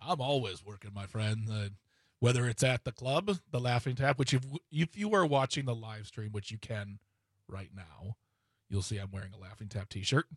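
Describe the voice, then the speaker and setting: A man's voice: lowish voice, moderate pace, husky, no echo. Laid-back male regular, dry close sound, rambling plug-heavy chat. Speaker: comedy club promoter. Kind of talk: casual chat.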